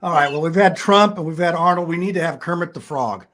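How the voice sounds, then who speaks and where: An older man hosts a casual online talk show with a slightly high voice. He rambles and chuckles as he talks. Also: fast talker, a bit bright. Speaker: talk show host and voice actor.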